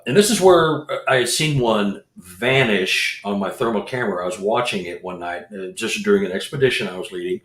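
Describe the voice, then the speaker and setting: A Bigfoot researcher and expedition leader tells a rambling casual story, restarting sentences and repeating words. His voice is fairly low with a fairly bright tone, and the sound is roomy.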